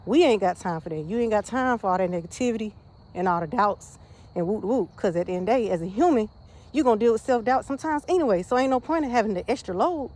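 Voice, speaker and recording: A woman's voice: on the high side, lively intonation, fast, darkish tone. A woman vlogging while walking outdoors, a bit out of breath, giving a slangy, casual motivational talk with many "you get what I'm saying" asides. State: slightly out of breath.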